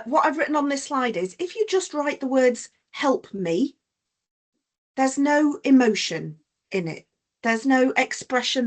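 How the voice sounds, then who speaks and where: Over a video call, a woman teaches an online business-English lesson on punctuation. Her voice sits a little high and her pace is slow and unhurried as she patiently explains each point and pauses for examples.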